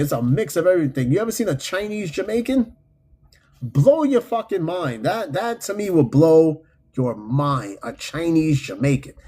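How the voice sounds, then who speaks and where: Husky man in loose, profane podcast chat. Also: high voice. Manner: loose, profane, animated storytelling. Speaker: podcast host reading chat comments. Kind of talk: casual unscripted chat.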